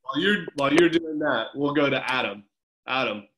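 Young male coach, middle pitch, teasing and upbeat, heard over a video call. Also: normal speed, noisy background. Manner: encouraging, chatty, teasing. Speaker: swim coach. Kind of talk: casual group video call check-in.

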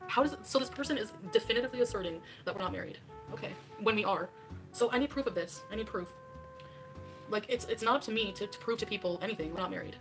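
A woman's voice: medium pitch, fast talker, music in the background. A woman in her thirties on a casual livestream, defensive and argumentative as she reacts to clips.

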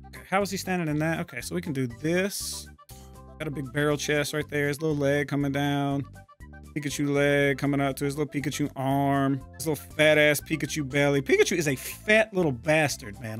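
A man hosting a casual gaming video, swearing freely and talking himself through a drawing as he goes. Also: fairly high pitch. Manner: profane, narrates his drawing out loud.

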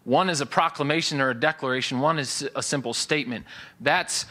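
Bright-voiced male pastor preaching. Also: medium pitch, a little fast. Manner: explanatory, conversational teaching with asides. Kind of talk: sermon. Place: church.

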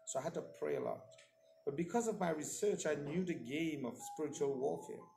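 Preacher with a fairly high voice. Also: male voice, a little fast, vocal fry, roomy sound, music in the background. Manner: storytelling, acts out the voices of others in dialogue. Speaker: preacher giving testimony. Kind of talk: sermon testimony. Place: church service.

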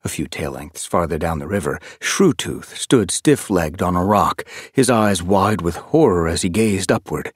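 A man narrating a fantasy audiobook, expressive and reading from a script. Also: sits low, normal speed, hardly any pauses, husky, no echo, clean studio sound. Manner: expressive, shifting voices for characters.

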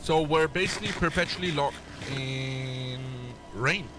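A young man streaming a game, chatting excitedly and joking, mock-translating foreign phrases. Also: on the high side, unhurried. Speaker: gaming streamer. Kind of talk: casual gaming chat.

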